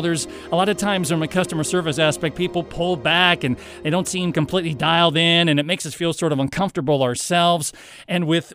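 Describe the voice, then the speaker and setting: A man's voice: high-pitched, fairly bright tone, no echo, clean studio sound. A man hosting a talk radio show, in a rambling, enthusiastic monologue with preachy asides.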